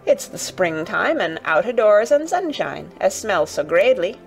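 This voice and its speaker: A woman's voice: mid-range voice, sing-song, normal speed, gravelly, soft background music. A woman voicing a stubborn little girl who speaks broad Yorkshire in a playful, proud and teasing way.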